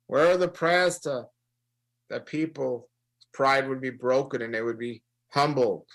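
Earnest gravelly man leading prayer. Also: mid-range voice, a bit bright, poor audio. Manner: earnest, repeats phrases, slows for emphasis. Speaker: prayer leader. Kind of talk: sermon-style prayer broadcast.

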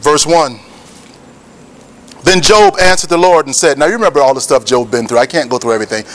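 A man preaching a sermon with emphatic, repetitive cadences that build to shouts. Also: a little high, fairly quick.

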